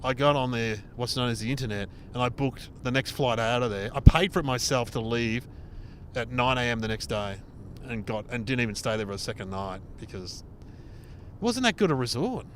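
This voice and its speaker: Animated Australian man telling stories. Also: medium pitch, fairly quick, a little hiss or hum. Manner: animated, swearing, acts out dialogue. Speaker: comedian podcast host. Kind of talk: casual storytelling chat. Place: inside a car on a road trip.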